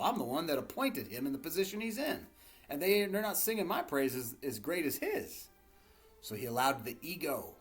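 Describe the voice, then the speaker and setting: Lively male pastor telling stories. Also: mid-range voice. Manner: animated storytelling with asides to the congregation. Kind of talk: sermon.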